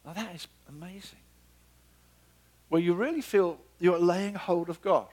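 Animated male preacher, high voice. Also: a little slow. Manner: animated, acts out biblical dialogue with sudden pitch leaps; drops to a soft, low murmur for emphasis. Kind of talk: sermon.

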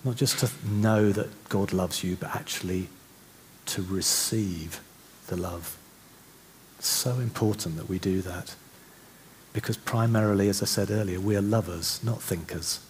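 A man preaching a sermon, chatty and full of restarts, then slowing to soft, reflective passages. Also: low-pitched, slight background noise.

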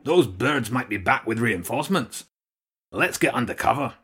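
A man's voice: medium pitch, animated, moderate pace, sharp tone, breathy edge. A man voicing a tough male rat leader who barks orders at the girls in a storybook reading. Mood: commanding. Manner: barking orders, calls girls "lassie".

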